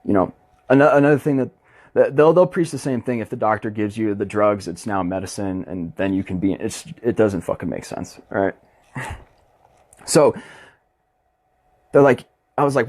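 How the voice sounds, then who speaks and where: A man's voice: on the low side, moderate pace, pauses often, darkish tone, no room sound, studio quality. A young man hosting his own podcast, ranting bluntly and passionately with constant swearing in a casual monologue. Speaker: podcast host.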